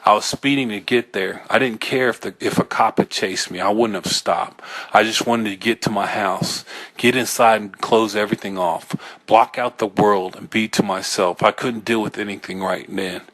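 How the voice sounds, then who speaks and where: A man reading a first-person horror story aloud, in a tense, halting way with small self-corrections. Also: fairly low pitch, steady tone, fairly bright tone. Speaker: audiobook reader.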